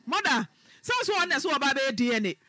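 A woman's voice: sits high, very animated, fairly quick, bright, forceful tone, no echo. A woman hosting a radio advice show, questioning her caller directly and firmly.

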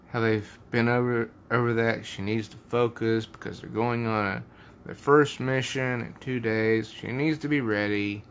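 Slow-talking man reviewing comics. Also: mid-range voice, vocal fry, a bit bright, slight background noise. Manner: hesitant with names, self-deprecating.

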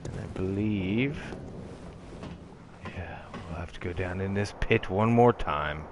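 A man streaming a video game, musing to viewers in relaxed, casual commentary. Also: low-pitched, slow, noisy background. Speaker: gameplay streamer.

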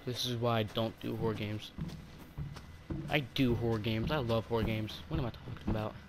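A man hosting a horror game let's play, excitedly talking to himself as he plays. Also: fairly low pitch, normal speed, background noise. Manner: excitable, talks to himself while playing. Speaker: gaming channel host.

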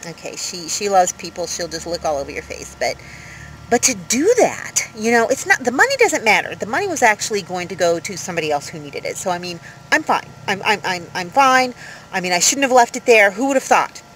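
A woman in her fifties telling a story to camera in a casual vlog, rambling and animated, with many fillers, from inside her van. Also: medium pitch, brisk, slight background noise, low-quality recording. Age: 50s. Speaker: vlogger.

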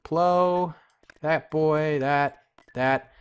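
A man giving casual, excitable, slangy commentary while playing a strategy game, talking to himself and his viewers. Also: fairly high pitch, very slow, clear, resonant tone. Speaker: gaming commentator. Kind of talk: casual let's-play commentary.

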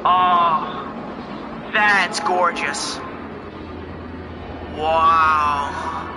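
A young man giving casual, excitable gameplay commentary as host, exclaiming and laughing as he plays. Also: high-pitched, unhurried, pauses often, over music.

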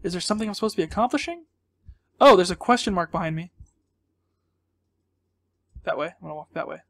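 A high-pitched man talks through a scary game as a let's play. He gets flustered and jumpy, thinks aloud and exclaims often. Between outbursts he drops to a quiet mutter. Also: animated, quick pace, no echo. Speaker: gaming channel host.

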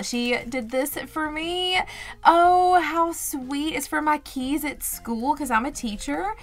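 Woman, budgeting vlog host, gushing and excitable, slightly high voice. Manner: gushing, excitable, lots of gasps and little exclamations. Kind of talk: casual unboxing chat to camera.

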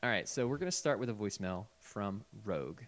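A male podcast host with a lowish voice keeps the chat casual. He runs the segment, reads out voicemails and laughs easily with his co-hosts. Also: lively intonation, brisk.

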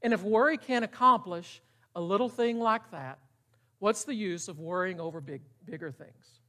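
A man's voice: high voice, normal speed, bright, forceful tone. A middle-aged man preaching a sermon in a casual, emphatic way, often putting questions to the congregation. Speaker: pastor.

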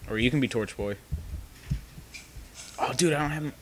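A man's voice: mid-range voice, normal speed, noisy background. A man recording a casual gaming session at home, bantering sarcastically with a friend. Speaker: gamer recording a let's play.

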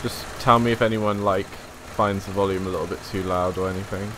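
A man's voice: deep voice, steady tone, a little fast, noisy background. A young man chatting casually as he streams a driving game, easygoing and laughing at himself. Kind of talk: casual live gameplay commentary.

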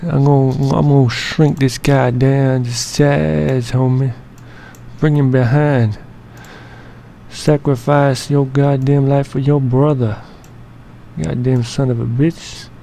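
A man talks through an editing session in loose, rambling commentary, heavy on slang and swearing. His voice is gravelly with plenty of fry. The tone sits dark and mellow rather than bright. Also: medium pitch, fairly even intonation, takes it slowly, a little hiss or hum. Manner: slangy, profane, joking and rambling. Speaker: editing tutorial narrator. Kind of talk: casual profane screen-recording commentary.

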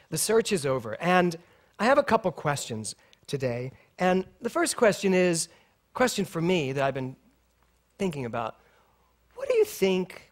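A middle-aged male minister giving a sermon at a spiritual center, telling a personal story with laughter and acted-out dialogue. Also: on the high side. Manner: animated storytelling, laughing often, acting out dialogue.

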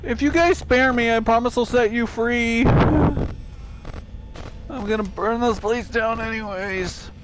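A young man giving let's play commentary on a horror game, panicky and swearing, yelling at the characters on screen. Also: very high voice, slow pace, noisy background. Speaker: gaming video creator.

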